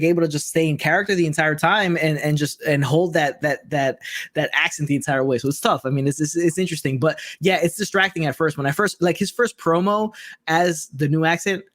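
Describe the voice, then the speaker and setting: Quick, rambling man on a call. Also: on the high side, no echo, clean studio sound. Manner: rambling, filler-heavy, animated. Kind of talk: casual chat.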